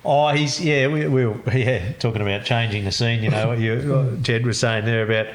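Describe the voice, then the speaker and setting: An older Australian man hosting a casual interview, asking relaxed questions with many fillers. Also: mid-range voice, brisk. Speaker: host.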